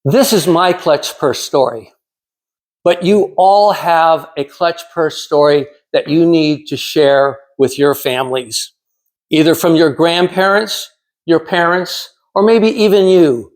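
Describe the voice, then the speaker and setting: A man in his sixties from California giving a prepared storytelling speech in a measured, dramatic way with pauses. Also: on the high side, steady tone. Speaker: club speaker.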